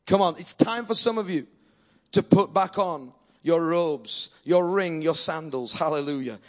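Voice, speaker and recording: A man preaching with a notably high voice. He tells stories in a lively way, then rises into emphatic, exhorting sermon delivery. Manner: animated, builds to forceful preaching. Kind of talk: sermon with storytelling.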